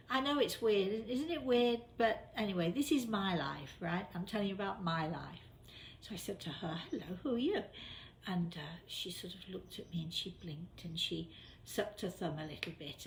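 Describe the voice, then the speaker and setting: Older woman telling a story, gravelly. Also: medium pitch. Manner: chatty, lots of sort of and uh, repeats words for emphasis. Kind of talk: casual personal storytelling.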